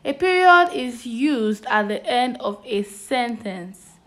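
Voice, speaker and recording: A woman with a Nigerian English accent teaches young children at a slow, steady pace. Her voice sits fairly high. She keeps asking "what?" and then gives the answer herself. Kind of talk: children's phonics and punctuation lesson.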